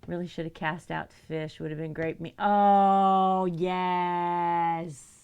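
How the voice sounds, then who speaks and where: Gravelly-voiced woman chatting on a live stream. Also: level tone, slow pace, a little mellow, highs cut off. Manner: chatty, laughs often, reads viewer messages aloud; goes high and sing-song when talking to her cats. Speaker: livestreamer. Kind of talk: casual live-stream chat.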